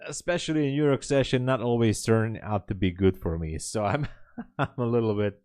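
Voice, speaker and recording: Speaking at a medium pitch, a man hosts a live trading stream, giving running commentary as he trades and reads the chat. He greets viewers, thinks aloud and laughs often, sounding relaxed and halting with many fillers. The audio is dry and studio-clean.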